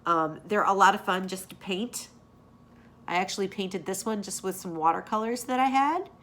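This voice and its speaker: A woman teacher telling a story and explaining a craft to young children in an animated way. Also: medium pitch. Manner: warm, animated, drawn-out delivery for kids.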